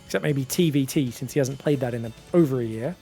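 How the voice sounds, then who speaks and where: A man casting a video game match on his own, chatty and excitable, often laughing and restarting his sentences. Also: medium pitch, quick pace, soft background music. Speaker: esports caster. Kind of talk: solo game commentary.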